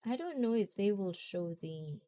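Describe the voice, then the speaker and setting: A woman's voice: mid-range voice, lively intonation, moderate pace, warm tone. A young woman hosting a casual talk, rambling and chatty, often laughing. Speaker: host.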